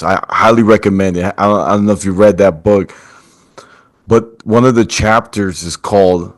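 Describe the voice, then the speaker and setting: A man hosting a podcast, telling a story in casual chat and acting out the quoted lines. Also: sits low. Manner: animated storyteller, acts out quotes. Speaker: podcast host.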